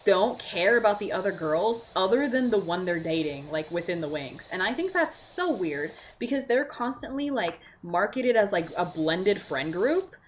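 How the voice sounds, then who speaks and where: Young woman, casual gamer-vlog rant, swears a lot, pitch swings wildly, faint noise behind. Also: normal speed, hardly any pauses. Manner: animated, profane, rants with filler "like". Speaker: vlogger.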